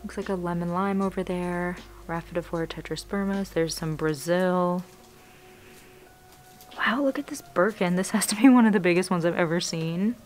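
A woman's voice: fairly low pitch, moderate pace, faint music behind. A young woman vlogging casually while she shops in a plant nursery, gushing over what she finds. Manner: gushing, excitable, narrating as she browses. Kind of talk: casual shopping vlog narration.

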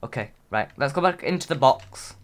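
A man's voice: mid-range voice, lively intonation, moderate pace. Chatty young man narrating a build. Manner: chatty, narrates his own moves, gets flustered under time pressure. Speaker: channel host. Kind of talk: casual gaming commentary. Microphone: desk mic.

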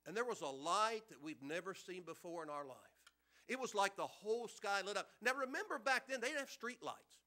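A man's voice: sits high, pushed and bright. A man pastor preaching a sermon in a church, conversational, with rhetorical questions and repeated words.

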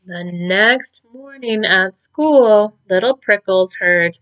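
A woman teacher reading a picture book aloud to children in a slow, expressive storytelling manner. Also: mid-range voice, highs cut off.

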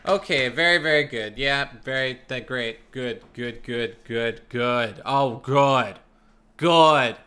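A man's voice: medium pitch, takes it slowly, pushed and bright, smooth. A man streaming a video game, grumbling and sarcastic as he plays and signs off. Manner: frustrated, sarcastic, swearing. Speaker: gaming streamer. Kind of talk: let's play commentary.

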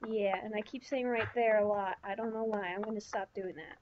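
A woman's voice: medium pitch, steady tone, a little fast, lo-fi sound, noisy background. A woman giving chatty, rambling let's-play commentary, talking to herself with lots of fillers. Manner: rambling, chatty self-talk with many fillers. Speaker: gaming channel host.

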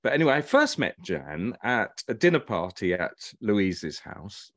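A man's voice: fairly low pitch, very animated, unhurried, a bit bright, no room sound. A man, a writer and actor, chatting as an interview guest and telling stories with animation and chuckles. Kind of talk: casual chat on a video call.

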